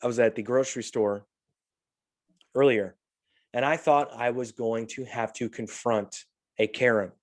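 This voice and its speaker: A middle-aged man hosts a podcast, telling stories in a relaxed, chatty way, swearing freely and acting out quotes with animation. His voice is mid-range, and he speaks at a measured pace with frequent pauses.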